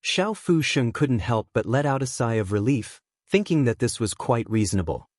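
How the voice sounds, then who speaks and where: A male narrator reading a fantasy audiobook in an even, steady way. His voice is mid-pitched, and the recording is dry and close with no room echo. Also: moderate pace. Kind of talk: scripted narration.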